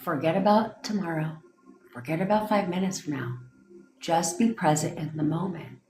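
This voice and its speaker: A woman coach leading a slow, hushed guided visualization for her viewers. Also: on the low side, reverberant, slight background noise, poor audio. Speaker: manifestation coach. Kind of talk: guided meditation.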